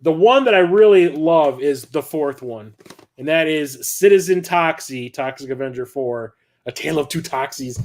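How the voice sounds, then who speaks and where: A middle-aged man chatting casually at home, rambling excitably and swearing now and then. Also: a little high, normal speed. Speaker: collector vlogger. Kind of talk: casual unscripted chat.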